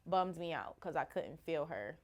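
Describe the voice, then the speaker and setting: A woman's voice: low voice, lively intonation, normal speed, darkish tone. A woman guest in an interview, plainly recounting a personal story and repeating details as she goes. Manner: plain, repeats herself, frequent fillers.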